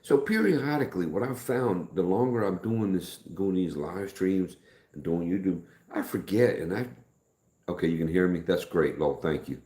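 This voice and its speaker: This middle-aged host has a low, expressive voice and keeps a moderate pace, though quieter than usual. He rambles in folksy fashion on a casual live stream, naming viewers as he greets them, with an echoey room around him.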